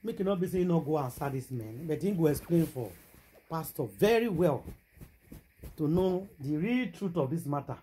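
A woman with a Nigerian accent telling a gossip story in a casual vlog, animated and exclamatory, mixing Pidgin and English. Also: low voice, moderate pace, slightly rough. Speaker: gossip vlogger.

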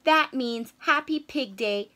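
Woman doing a squealing, excited little pig. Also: high voice, slow, exaggerated voice. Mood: cheerful. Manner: squealing oinks, eager and exclaiming. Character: cheerful little female pig, bubbly and excited. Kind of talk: children's storybook read-aloud.

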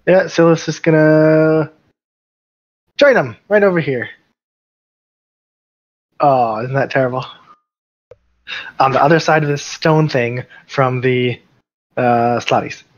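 A man playing a character in a tabletop game, talking hesitantly with many pauses and restarts. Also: fairly high pitch. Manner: hesitant, lots of uh and restarts, chuckling. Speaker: player. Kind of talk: casual tabletop game chat. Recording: dull lo-fi voice chat audio.

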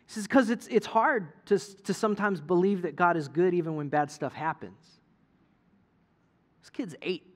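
A middle-aged male pastor preaching a sermon in a conversational, animated storytelling way, acting out quotes from people. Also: sits high, normal speed.

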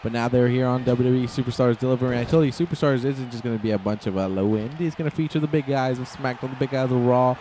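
A man giving excitable, rambling play-by-play commentary over a wrestling video game, shouting on the big moves. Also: medium pitch, quick pace, hardly any pauses, a little hiss or hum.

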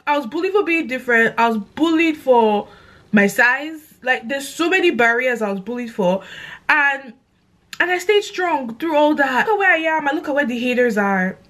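A young woman with a London accent, chatting excitedly to camera in a casual vlog, gushing and animated. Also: high voice. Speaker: content creator.

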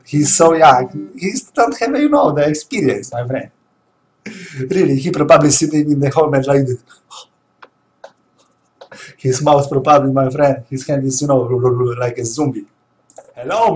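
A man's voice: fairly high pitch, a little slow, a little mellow. A man gaming and trash-talking his opponent in broken English, laughing and teasing. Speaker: pro gamer streaming a match. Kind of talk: trash-talking banter during play.

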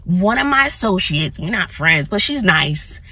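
Chatty woman, bright husky voice. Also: on the low side, measured pace. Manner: chatty, animated, addresses viewers as y'all. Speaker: vlogger, teacher living in her car. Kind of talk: casual vlog talk to camera. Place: in or near her car outdoors in sun.

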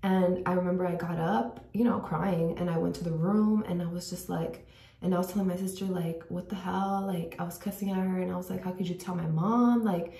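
Young woman rambling thru a story w lots of likes, lowish voice, kinda far from the mic in an echoey bathroom. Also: flat delivery, a little fast, creaky, dark tone. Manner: chatty, many "like" fillers, drops to a whisper at times. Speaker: vlogger. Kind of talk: casual storytelling. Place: bathroom at home. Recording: echoey room, voice a bit off-mic.

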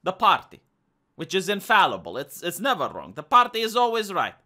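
A man's voice: high-pitched, huge pitch swings, a little fast, bright, forceful tone. A man from Romania with a Romanian accent, giving an argumentative casual monologue as a streamer and often repeating words as he restarts. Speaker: live streamer.

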